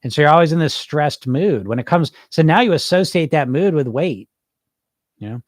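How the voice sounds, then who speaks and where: A man's voice: fairly high pitch, moderate pace, no room sound, studio quality. A man hosting a weight loss coaching podcast, talking casually and energetically with frequent restarts and asides while answering listeners live.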